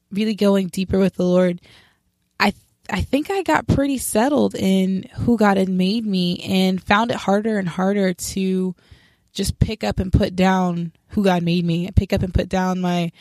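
A young woman talks through her faith testimony in a candid, self-reflective way, straightforward and sharp in how she puts things. Her voice sits at a middle pitch for a woman, and the recording is close and dry with no room sound. She slips into remembered conversations as she goes. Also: no echo. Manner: straightforward, describes herself as sharp. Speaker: speaker sharing a personal faith testimony. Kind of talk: casual spoken testimony.

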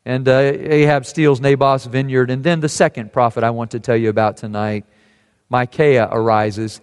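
A man preaching a sermon, telling a scripture story and quoting its voices softly. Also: medium pitch, level tone, normal speed, clean tone, in a large hall.

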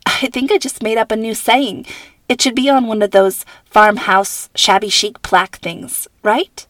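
A woman's voice: on the high side, little pitch movement, a little slow, a bit bright, dry recording, studio quality. A woman voicing a bubbly, playful teenage girl. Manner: cheerful, playful.

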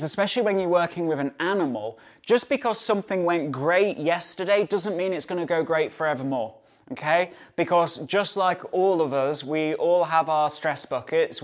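A man hosting a solo dog-training podcast, talking in a chatty way with many fillers and tag questions. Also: on the high side. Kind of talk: casual solo podcast talk.

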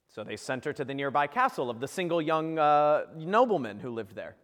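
A man's voice: a little high, sing-song, normal speed, a bit bright, long reverb tail. A man preaching, telling a saint's story in a joking, playful way and acting out the characters. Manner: playful, jokey storyteller who acts out the characters. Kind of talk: humorous storytelling homily.

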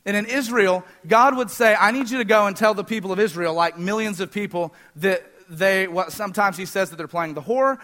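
A man preaching a sermon, fast-talking, energetic and joking with the congregation. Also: sits high. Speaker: pastor.

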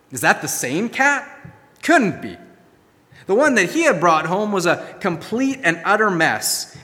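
A man delivers a storytelling sermon, dropping to hushed tones then rising to emphasis. His voice is bright and a little high. It rings out with the long reverb of a large hall. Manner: storytelling, swings from soft to emphatic. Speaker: pastor.

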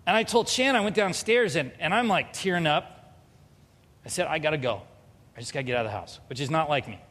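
A man with a fairly high voice preaches a sermon, telling a personal story with humor and candor and acting out the dialogue. His words ring out in a church sanctuary with a long, lingering reverb. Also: lively intonation, fast talker, fairly bright tone. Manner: humorous, confessional, acts out dialogue. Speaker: pastor.

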